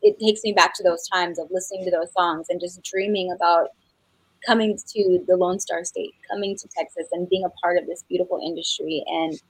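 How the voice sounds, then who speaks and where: A woman's voice: lowish voice, steady tone, a little fast, slightly rough, dry recording, poor audio. A middle-aged woman from New Mexico, a guest singer chatting in an interview, talking with many fillers and restarts. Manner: warm, many fillers and restarts, laughs often. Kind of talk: casual interview chat.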